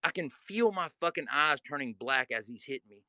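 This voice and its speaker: A man's voice: fairly high pitch, lively intonation, a little fast, hardly any pauses, pushed and bright, no room sound. A man with a slightly raised voice tells a gritty story in a loose, profane way and acts out the scenes. His voice sounds very dry and close, with no room behind it. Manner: vivid, profane, re-enacts scenes. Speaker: guest. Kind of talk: casual storytelling.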